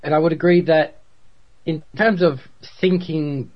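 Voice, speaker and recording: A man's voice: fairly high pitch, steady tone, unhurried, lo-fi sound. A man co-hosting a casual podcast chat and throwing in jokey asides. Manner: jokey interjections. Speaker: podcast co-host.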